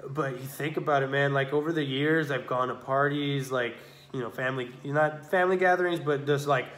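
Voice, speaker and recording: A man's voice: mid-range voice, fairly even intonation, fairly quick, a bit bright. Rambling, cursing man in an echoey room. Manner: profane, rambling, with many fillers. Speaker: podcast co-host. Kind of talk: casual chat.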